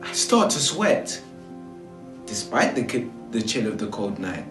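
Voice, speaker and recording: An actor playing Peter, a frightened, remorseful disciple, in a slow and emotional stage monologue. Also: male voice, lowish voice, very animated, recorded from a distance. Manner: slow, emotional, cries out in denials. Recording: echoey room with faint music.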